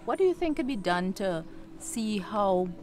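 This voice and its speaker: A woman's voice: medium pitch, big pitch swings, normal speed. A woman with a Trinidadian accent hosting a TV interview, encouraging her guests. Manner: encouraging, gives short affirming murmurs. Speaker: TV host.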